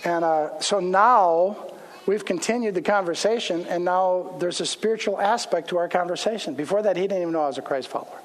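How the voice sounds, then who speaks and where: A man's voice: sits high, a little fast. A man, a pastor, telling a casual anecdote as part of a sermon in a church. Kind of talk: storytelling sermon. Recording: long hall reverb.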